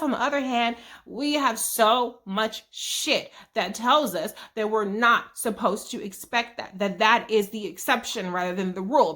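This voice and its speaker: A woman's voice: fairly high pitch, a bit bright. A woman hosting a casual TV episode recap vlog, chatty and profane, who acts out characters' lines as she retells them.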